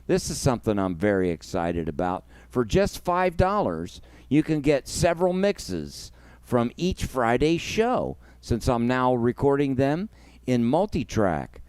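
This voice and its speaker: A man's voice: medium pitch, big pitch swings, unhurried, a little mellow, smooth, no echo. A man hosting his own music livestream, talking emotionally and effusively, thanking viewers and guests by name. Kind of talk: casual livestream chat.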